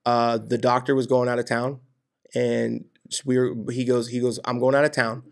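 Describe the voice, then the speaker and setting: A man with a gravelly, creaky edge to his mid-pitched voice, telling personal stories as a podcast guest. He talks in a casual, animated way, dropping "dude" and "man" as he goes. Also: moderate pace. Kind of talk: casual storytelling interview.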